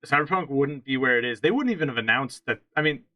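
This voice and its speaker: A man's voice: mid-range voice, animated, quick pace, pushed and bright, no echo, poor audio. A man co-hosting a casual podcast, chatting about games with strong opinions and frequent restarts. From central Pennsylvania. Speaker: podcast co-host.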